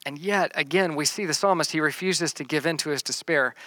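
Bright-voiced man preaching on a psalm. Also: fairly high pitch, dry recording. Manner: reads scripture slowly, then explains with repeated words and restarts. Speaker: pastor. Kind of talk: sermon teaching through a psalm.

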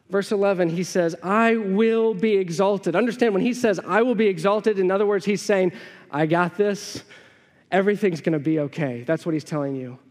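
A man's voice: sits high, a little mellow. A man in his thirties preaching a sermon, conversational and storytelling, often asking the congregation questions. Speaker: pastor. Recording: long hall reverb.

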